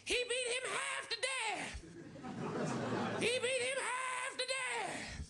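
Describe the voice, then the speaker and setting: A man's voice: very high-pitched, takes it slowly, creaky, over a noisy crowd, pitched above the performer's own voice, heavily acted. A man voicing a panicked old woman who keeps shrieking the same words frantically. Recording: loud audience noise, live club.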